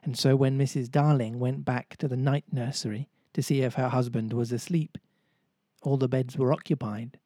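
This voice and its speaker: Guy reading a kids storybook out loud, playful, dead dry room. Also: mid-range voice, fairly even intonation, moderate pace, slightly rough, dry recording. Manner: playful, jokes and laughs with listeners. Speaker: storybook reader. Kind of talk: storybook narration read aloud.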